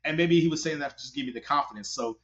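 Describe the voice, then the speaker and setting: A man, a wedding photographer, telling stories in a casual, animated interview. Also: a little high, very fast. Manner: animated, hustling storyteller. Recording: dull lo-fi audio.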